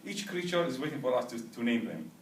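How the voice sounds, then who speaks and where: Very animated and quick, this mid-range male voice belongs to a language teacher who lectures, sometimes has students say words aloud together, and keeps checking that they understand. The far-camera recording is roomy and distant, with faint background noise.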